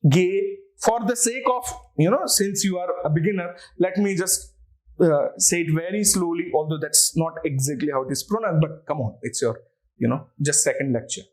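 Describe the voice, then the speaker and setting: A man's voice: sits high, normal speed, darkish tone. A man with an Indian English accent, teaching an online language lecture and patiently spelling words out letter by letter.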